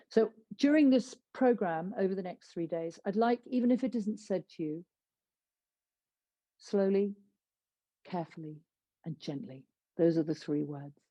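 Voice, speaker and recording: A woman teaching a yoga class as a therapist, calmly guiding breathing and body locks, sometimes dropping to a soft whisper. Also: fairly low pitch, dry recording. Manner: slow, soothing instructions, drops to soft whispers.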